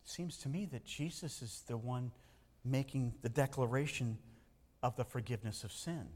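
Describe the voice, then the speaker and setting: Animated preacher in a reverberant hall. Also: male voice, mid-range voice, moderate pace. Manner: animated preaching, swings between loud emphasis and hushed asides. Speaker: pastor. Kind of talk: sermon.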